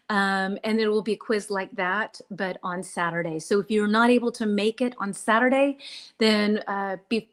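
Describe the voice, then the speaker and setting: Chatty woman teacher, slightly hoarse. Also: mid-range voice. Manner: chatty, clears throat and apologizes often. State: slightly hoarse, drinking mint tea for her voice. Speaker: English teacher. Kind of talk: live-streamed English lesson. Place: home, dishes washing behind her.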